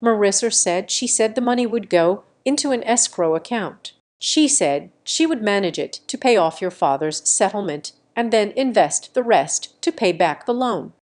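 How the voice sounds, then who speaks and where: A woman's voice: medium pitch, animated, moderate pace, few pauses, a little mellow, close to an everyday voice. A woman narrator voicing a frightened elderly mother who pleads with her daughter in a trembling voice. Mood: shaken. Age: older.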